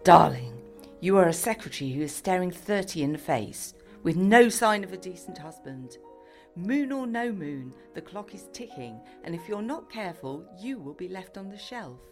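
A woman's voice: on the low side, animated, moderate pace, a little mellow, soft background music, pitched above the performer's own voice. A woman voicing a posh, fussy middle-aged mother who lectures firmly in a trilling voice. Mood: lecturing.

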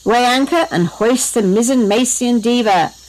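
A woman's voice: medium pitch, expressive, moderate pace, close to an everyday voice, poor audio. A woman voicing a jolly, bossy pirate-captain father who bellows commands in pirate slang, reading a bedtime story. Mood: commanding.

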